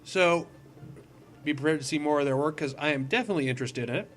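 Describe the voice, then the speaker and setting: A man's voice: a little high, quick pace, a bit bright, slight background noise. A man hosting a casual let's-play, rambling and goofy and poking fun at himself while he plays a puzzle platformer. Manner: goofy, rambling, self-deprecating. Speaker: gaming video host.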